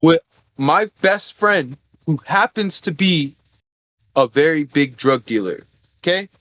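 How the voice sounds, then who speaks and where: A young man with a noticeably high voice rambles through a profane story on a casual podcast. He is recorded close and dry, with no room sound around him. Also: lively intonation, takes it slowly, a bit bright, dry recording, lo-fi sound. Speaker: podcast co-host.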